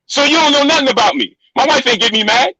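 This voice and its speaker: A man's voice: very high voice, animated, fast talker, bright, forceful tone, husky, no echo, poor audio. A middle-aged man arguing on a live stream, insistent and repetitive, talking over the other speaker. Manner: insistent, repeats himself, talks over others. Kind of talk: heated live-stream argument.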